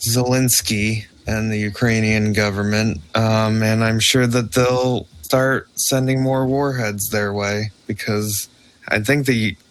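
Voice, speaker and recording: A man's voice: lowish voice, fairly even intonation, slow, smooth. A man co-hosting a podcast in casual chat, telling winding stories with laughs. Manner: rambling, laughing storyteller. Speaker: podcast co-host.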